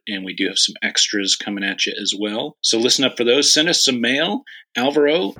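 A man's voice: fairly low pitch, sharp tone, low-quality recording. A man co-hosting a casual podcast, easygoing and agreeable, wrapping up the episode. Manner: easygoing, agreeable, wraps up the show. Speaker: podcast host. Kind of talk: casual chat.

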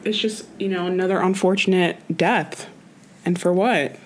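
A woman's voice: on the low side, fairly even intonation, moderate pace. A woman co-hosting a podcast in casual chat, supportive, mostly giving short agreeing replies. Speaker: podcast co-host.

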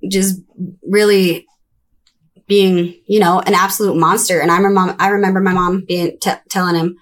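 A young adult woman recounting her childhood in a conversational interview, breaking into high, childlike voices when she quotes people. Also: level tone, normal speed. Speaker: interview guest. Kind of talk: candid personal storytelling.

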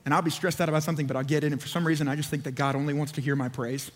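A man's voice: on the high side, level tone, rapid-fire. A man preaching a sermon as pastor, fervent and urging, repeating phrases for emphasis. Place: church auditorium. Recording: long hall reverb.

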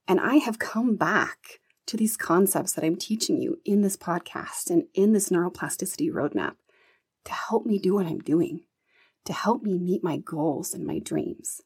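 A woman's voice: lowish voice, very animated, normal speed, darkish tone, slightly rough. A woman hosting her own podcast, talking earnestly and encouragingly, with casual swearing and an emotional edge. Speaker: podcast host. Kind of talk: solo motivational podcast talk.

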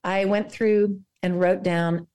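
A woman guest on a faith podcast, speaking earnestly and guiding listeners through a quiet reflection. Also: mid-range voice, steady tone, slow pace.

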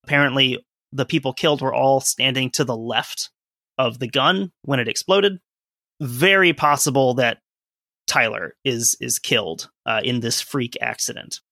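A man co-hosts a casual history podcast, explaining events conversationally and adding asides as he reads from his sources. His voice is bright, forceful, and medium-pitched at a moderate pace, recorded close and dry.

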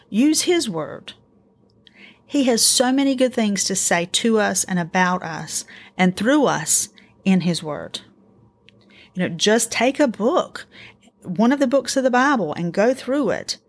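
Woman, middle-aged, casual podcast host, earnest, encouraging, animated storyteller. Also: fairly high pitch, unhurried. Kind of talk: casual faith-based parenting talk.

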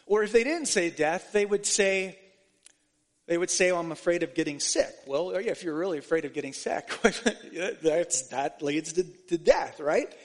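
A man's voice: high voice, animated, a little slow. A male pastor preaching a sermon to his congregation, asking them questions and building to fervent emphasis, often restarting his words. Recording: long hall reverb.

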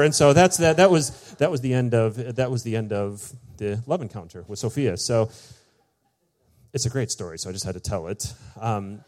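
A man, the pastor, telling a personal story in a sermon, chatty and full of "like" and "you know", acting out each quoted line with big jumps in his voice. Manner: animated storyteller, acts out quoted lines with big pitch jumps; casual, many fillers like "like" and "you know".

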